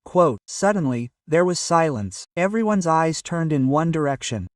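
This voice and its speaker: A man reading a scripted story aloud in an even storytelling manner, voicing every quote in the same voice. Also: a little high, normal speed, few pauses, dry recording, clean studio sound, far from the mic. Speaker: narrator.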